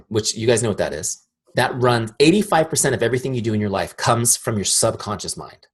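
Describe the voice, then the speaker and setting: A man giving a live sales training talk in a direct, energetic way, often asking the audience questions. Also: fairly low pitch, slightly rough.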